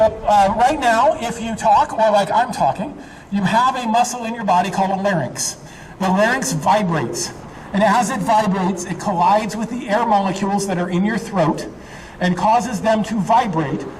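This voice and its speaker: A man giving a live chemistry demonstration, explaining in a chatty way with lots of fillers. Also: high-pitched. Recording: distant mic, faint background noise.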